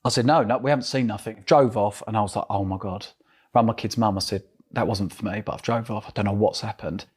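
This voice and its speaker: Man, essex accent, middle-aged, interview guest, animated storytelling, acts out dialogue. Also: fairly low pitch, fast talker, husky. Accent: Essex English. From England.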